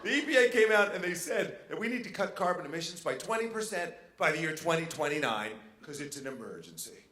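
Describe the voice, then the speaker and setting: Male stand-up comic, brash and bright; echoey stage mic, faint ambience. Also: a little high. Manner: brash, animated, jumping into quick voices. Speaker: stand-up comedian. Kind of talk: stand-up comedy set. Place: casino showroom stage.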